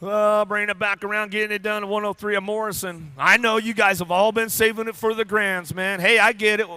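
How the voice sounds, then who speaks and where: High, bright-voiced man calling BMX races. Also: flat delivery, clean tone, no room sound. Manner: rapid-fire, playful, joking with riders and crew. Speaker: race announcer. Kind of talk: live race commentary. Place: BMX race track.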